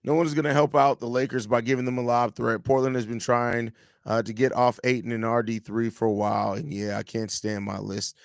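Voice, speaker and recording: A man's voice: medium pitch, brisk, creaky, dry recording, clean studio sound. A man hosting a live podcast show, reading viewer comments aloud and teasing the people who sent them. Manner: animated, teasing, talks straight to viewers. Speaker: podcast host.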